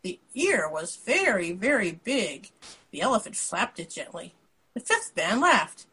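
A woman reading a picture book aloud in an expressive way, with casual asides to her listeners. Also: medium pitch, a little slow, husky, rough recording. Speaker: storyteller.

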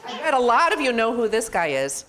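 A woman who directs religious education, reading a picture book aloud to children in a congregation's worship space, gentle and animated. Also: on the high side, brisk. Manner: gentle, animated storytelling to kids. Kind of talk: children's story time.

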